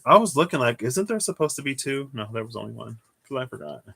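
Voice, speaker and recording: A man giving a casual livestream tarot reading, thinking aloud in a rambling way with restarts and soft chuckles. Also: medium pitch, lively intonation, quick pace, vocal fry, breathy edge. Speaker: tarot reader.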